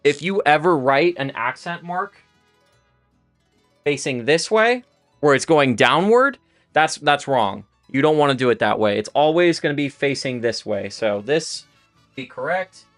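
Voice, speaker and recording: A man's voice: fairly high pitch, animated, a little slow, fairly bright tone, no echo, soft background music. A man who is a native English speaker, teaching Spanish on a casual livestream, rambling and often restarting his sentences. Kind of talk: livestream lesson.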